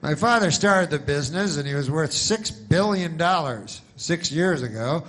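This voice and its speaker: A man putting on an over-eager insurance pitchman aimed at old people in a stand-up bit. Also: expressive, moderate pace, fairly bright tone. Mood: hard-selling. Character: pushy male insurance pitchman for the elderly.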